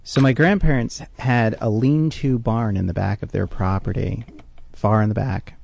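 A man tells a personal story at a measured pace in a low, gravelly, mellow voice. He piles up detail after detail. The sound is dry and close. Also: steady tone. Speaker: storyteller guest.

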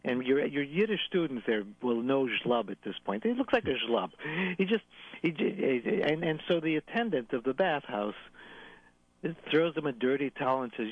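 A man's voice: mid-range voice, normal speed, no echo. Guy telling folk stories over the phone, tinny and dry, voice bouncing all over, playful. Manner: playful, lively, with sound effects. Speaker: storyteller. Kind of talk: oral folk storytelling.

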